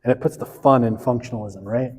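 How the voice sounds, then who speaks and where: A man's voice: medium pitch, fairly even intonation, fast talker, a little mellow, slightly rough, long reverb tail, poor audio. A man giving a casual university sociology lecture, chatty and self-deprecating, often checking in with "right?". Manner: chatty, frequent "right?" tag questions, self-deprecating asides.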